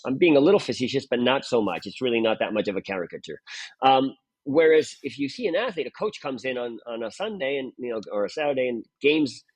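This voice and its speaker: A man's voice: mid-range voice, animated, quick pace, husky, no echo. A man speaking as a guest performance mentor, emphatic and full of "right?" tag questions. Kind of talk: animated interview talk.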